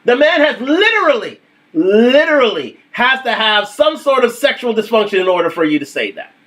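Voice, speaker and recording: High, lively man hosting a stream. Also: moderate pace. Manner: emphatic, repeats his points. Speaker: livestream host. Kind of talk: casual livestream commentary.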